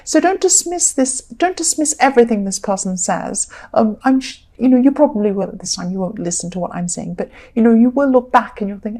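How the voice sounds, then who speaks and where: A woman giving a casual tarot reading in a relaxed, chatty way, with many fillers. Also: a little high, a little fast, few pauses. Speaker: tarot reader.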